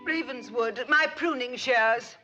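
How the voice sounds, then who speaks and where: A woman's voice: a little high, slow, bright, forceful tone, muffled recording, soft background music. An actress playing a middle-aged, snobbish wealthy society lady who speaks in a prim, genteel and fretful way.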